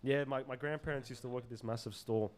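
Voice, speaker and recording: Animated man telling stories, slangy. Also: medium pitch, fast, slight background noise. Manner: animated, loose with slang and swearing, laughs often. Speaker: podcast guest. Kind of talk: casual storytelling in an interview.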